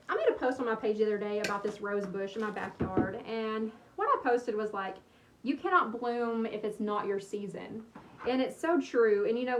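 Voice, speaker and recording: A woman in her thirties from East Texas with a Texan accent, chatting casually and thanking viewers by name while she crafts on a livestream. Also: medium pitch. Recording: echoey room, mic at a distance, faint hum.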